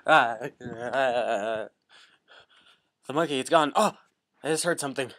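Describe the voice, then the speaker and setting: A man's voice: mid-range voice, slow pace, long pauses, a bit bright, no room sound, clean studio sound. A man acting the lead in an improvised found-footage horror film, swinging between screams and whispers.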